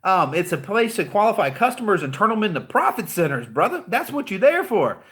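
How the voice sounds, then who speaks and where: A middle-aged man with a Southern American drawl runs a casual motivational talk for car salesmen. He is blunt and profane, drifts into jokes and asides, and his voice sits a bit higher than most men's. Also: sing-song, a little fast, a bit bright. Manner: blunt, profane, joking, rambling.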